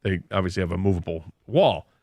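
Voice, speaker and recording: A man's voice: low-pitched, quick pace, darkish tone, dry recording. A man hosting a radio show, telling a long self-deprecating anecdote in a casual, rambling way from a studio microphone. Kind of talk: casual storytelling on sports radio.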